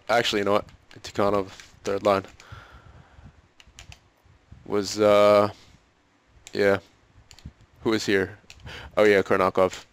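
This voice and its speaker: A man's voice: fairly low pitch, clear, resonant tone. A man doing let's-play commentary on a hockey video game, exasperated and pleading with his team, often laughing and sighing. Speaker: gaming commentator.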